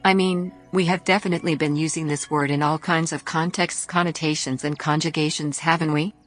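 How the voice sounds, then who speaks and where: A woman's voice: sits low, fairly even intonation, fairly quick. A woman delivering a scripted spoken essay, asking and answering her own rhetorical questions with playful alliterative wordplay. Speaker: podcast host. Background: faint music.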